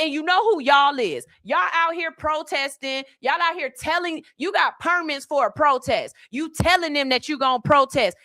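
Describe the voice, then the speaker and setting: A woman's voice: high voice, sharp tone. A woman hosting a podcast, delivering blunt, profane, emphatic commentary in a casual style. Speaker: podcast host.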